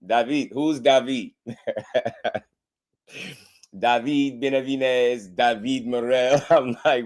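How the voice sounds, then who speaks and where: A man giving casual boxing commentary on a live stream, slangy and animated, laughing often. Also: medium pitch, unhurried.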